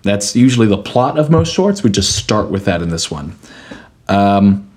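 A man's voice: on the low side, very animated, normal speed, darkish tone. A man co-hosting a podcast, walking through his ideas in a playful, analytical way. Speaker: podcast co-host. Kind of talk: casual chat.

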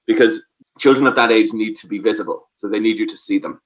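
Quick and fairly bright, a man's low-leaning voice delivers an advice talk on parenting as an expert. He's patient in explaining and often asks "does that make sense?" to check the listener follows.

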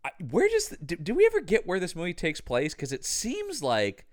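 Male podcast co-host, casual chat; blunt, cusses, exclaims; animated pitch. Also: a little fast. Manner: blunt, swears freely, exclaims.

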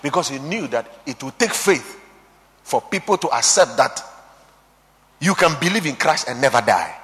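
A man preaching a sermon, quoting scripture, swinging between shouted emphasis and hushed, low passages. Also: big pitch swings, moderate pace. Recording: long hall reverb.

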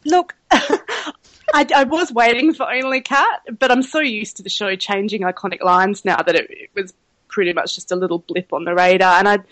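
A woman's voice: mid-range voice, normal speed, fairly bright tone, dry recording. A woman co-hosting a casual podcast chat, chatty and giggly, poking fun at herself. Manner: giggly, chatty, self-deprecating. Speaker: podcast co-host.

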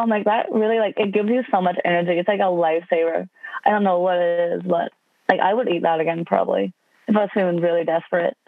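A chatty woman in her twenties from Wisconsin, USA, tells stories casually as a podcast guest, using lots of "like" fillers. Her voice is lowish and steady and she talks fast, with a dry, phone-line sound to the recording.

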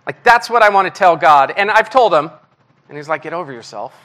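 Bright, high-voiced man preaching candidly. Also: a little fast. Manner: candid, self-deprecating, animated. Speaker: guest preacher. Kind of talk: conversational sermon.

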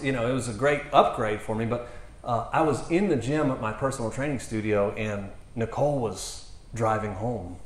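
A man ministering to a congregation, telling a testimony story in an animated way and acting out the quotes. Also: on the low side, roomy sound, slight background noise. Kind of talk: storytelling sermon.

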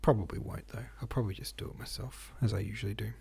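A man's voice: on the low side, fairly even intonation, fast talker, vocal fry, darkish tone, breathy edge. A man hosting a casual solo podcast, talking in a rambling, hesitant way with many fillers and restarts. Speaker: podcast host and novelist.

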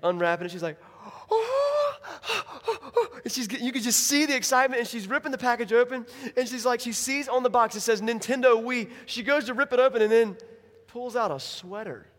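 A man's voice: very high-pitched, fast, big-room sound. A man preaching a sermon as pastor, telling stories animatedly and acting out the people in them. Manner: animated storytelling with acted-out quotes. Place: church.

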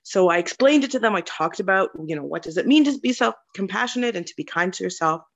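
A mother shares with the group how her small daughter reminded her to be kind to herself, slowing and softening as she speaks. The call audio comes through dull and muffled. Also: medium pitch, animated, gravelly. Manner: warm, slowing and softening when moved. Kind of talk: casual sharing on a video call. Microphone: video call.

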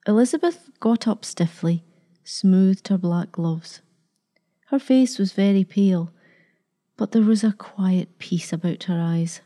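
A woman narrating a story in a calm, measured way. Her voice is warm and mellow at a mid pitch. The reading stays steady. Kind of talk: scripted narration.

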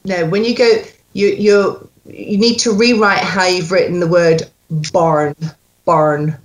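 A woman's voice: mid-range voice, steady tone, measured pace. A woman working as a dialect coach, animatedly demonstrating sounds and accents to an actor. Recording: echoey room.

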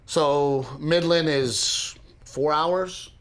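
A male podcast co-host with a slightly high voice tells a story animatedly at a very slow base pace, though he speeds up when excited. He often restarts his sentences during this casual podcast.

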